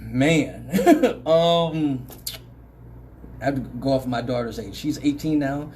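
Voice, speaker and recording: A man's voice: mid-range voice, slow pace, slight background noise. A middle-aged man hosting a radio talk show, telling a comic story with plenty of swearing and laughter. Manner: animated, profane, laughing often.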